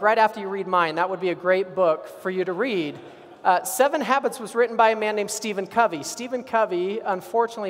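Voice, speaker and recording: A man of about forty giving an energetic storytelling keynote at a conference, often asking the audience questions. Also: sits high, in a large hall. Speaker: keynote speaker. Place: conference hall stage.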